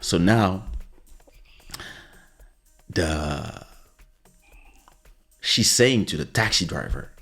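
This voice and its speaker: A man hosting a podcast, telling a story in a casual, animated way, acting out quotes and slipping into French phrases. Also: deep voice, drawn-out words, pauses often, slightly rough, faint music behind. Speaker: podcast host.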